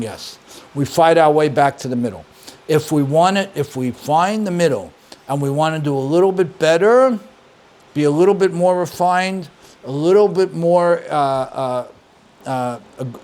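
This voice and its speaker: An older man, a rabbi, giving a conversational Torah lesson, emphatic and animated, repeating key words and asking his listeners questions. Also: medium pitch, slight background noise. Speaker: rabbi and teacher.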